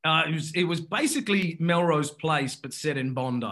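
This guest's voice sits a little high and has a fairly bright tone. He's in casual anecdotal chat, wandering through a story, cutting himself off to restart and laughing often.

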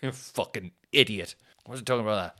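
A man's voice: on the low side, a bit bright. A man hosting a podcast, rambling and swearing, often laughing at his own stories. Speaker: podcast host and comedian. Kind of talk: casual solo podcast chat.

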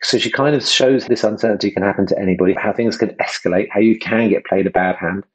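A man hosting a casual podcast conversation, enthusiastic and self-deprecating, slipping into quick impressions. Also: fairly low pitch, breathy edge, poor audio. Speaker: host and project creator.

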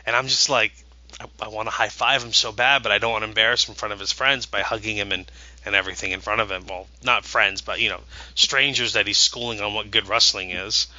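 A man's voice: lowish voice, steady tone, quick pace, pushed and bright, rough recording. A man in his thirties, a podcast co-host, telling a rambling, eager story with many restarts. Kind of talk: casual podcast chat.

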